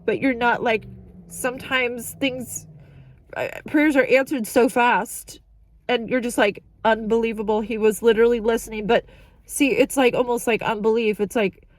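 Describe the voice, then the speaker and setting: A woman vlogger giving an emotional update while crying, talking in halting, broken sentences into a handheld phone. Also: a little high, dry recording. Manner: halting, restarting sentences, overwhelmed. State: tearful, crying. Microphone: phone held in hand.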